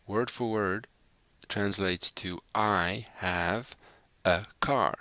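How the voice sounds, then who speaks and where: A male language teacher explains vocabulary in an unhurried, careful way, repeating each phrase for practice. His voice sits fairly low but has a bright, forward edge. The recording is dry and close. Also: no room sound.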